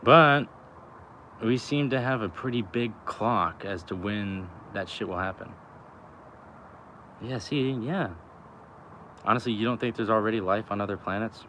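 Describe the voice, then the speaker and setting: A young man with a lowish voice muses on life and spirituality, talking loosely and swearing freely. He drifts through slang and filler as he goes. A faint outdoor noise hums behind him. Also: normal speed, sharp tone. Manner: loose and slangy, heavy on "you know" and "like", swears often. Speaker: vlogger. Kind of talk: rambling spiritual musing to camera.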